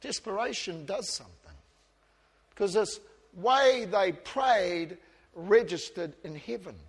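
Man, pastor, high voice, passionate sermon, soft asides and loud outbursts, long church reverb. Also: slow pace, husky. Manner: self-deprecating humour with the congregation.

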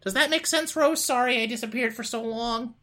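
Kobieta grająca rozmarzonego ducha kota z akcentem. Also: female voice, a little high, a little fast, fairly bright tone, voice pushed up, close to an everyday voice. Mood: earnest. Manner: childlike, rambling, with a put-on accent. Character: dreamy old male ghost cat, gentle.

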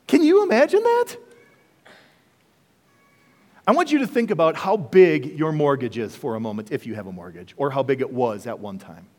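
A male pastor preaching a sermon, animated and full of rhetorical questions to the congregation. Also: medium pitch, fairly quick. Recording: long reverb of a large hall.

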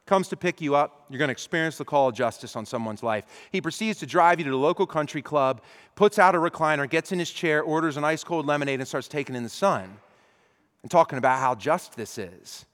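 A pastor preaching a sermon, acting out imagined conversations with lively, animated delivery. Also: male voice, fairly high pitch, fairly quick, big-room sound. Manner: animated, acts out imagined dialogue. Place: church.

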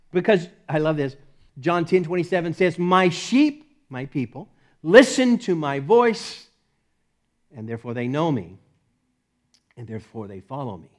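A man preaching a sermon in a conversational, animated way, swinging between loud peaks and hushed asides. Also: fairly high pitch. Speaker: pastor.

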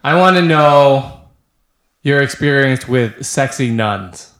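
A man co-hosting a casual podcast with dry, deadpan quips. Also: medium pitch, slow, roomy sound.

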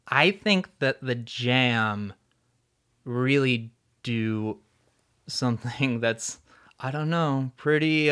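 Slow-talking, smooth-voiced podcast co-host man. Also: mid-range voice. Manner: relaxed, jokey, enthusiastic about bands. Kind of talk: casual music chat.

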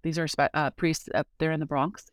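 A woman's voice: sits low, fairly even intonation, a little fast, no echo, studio quality. Earnest middle-aged woman telling her story. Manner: earnest, heartfelt storytelling with frequent fillers. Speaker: guest. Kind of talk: casual conversational testimony.

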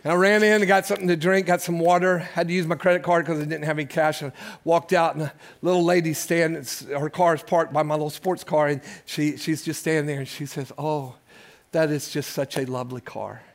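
A man's voice: a little high, fairly even intonation, fast talker, few pauses. Man in his sixties preaching a sermon. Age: 60s. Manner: folksy storytelling that builds to fervent preaching with call-outs. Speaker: pastor. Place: church service.

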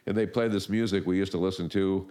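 An older man being interviewed about marketing, talking casually and rambling through animated stories with many restarts. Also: low-pitched, fast, clean tone. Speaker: marketing guest.

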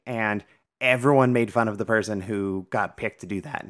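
A woman co-hosting a podcast, chatting casually about a movie in a relaxed way, often agreeing with short replies. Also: very deep voice. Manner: relaxed, quick backchannel agreement. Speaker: podcast co-host. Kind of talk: casual chat reviewing a movie.

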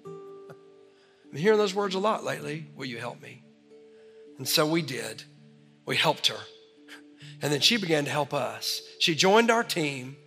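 A man with a high, bright, forceful voice preaches to his congregation and tells a story with animated energy. His voice rings through a large church hall with a long reverb. Soft instrumental music plays faintly underneath. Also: unhurried, vocal fry, long pauses. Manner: storytelling, animated, ends in prayer. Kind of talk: sermon. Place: church sanctuary.

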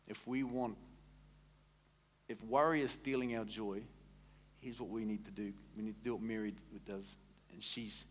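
A man preaching a sermon as a pastor, in an animated, conversational way that quizzes the congregation. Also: fairly low pitch, a little hiss or hum.

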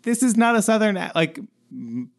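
A man co-hosting a podcast in casual chat, animated and laughing, with playful exaggeration. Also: high voice, moderate pace, gravelly. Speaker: podcast co-host.

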